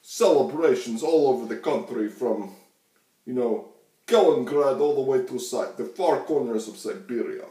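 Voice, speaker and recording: A man putting on a comic Russian accent to play a gleeful, boastful Russian man in a high, strained voice. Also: animated, moderate pace, dark tone, close to an everyday voice. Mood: gloating. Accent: put-on Russian. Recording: echoey room, mic far off.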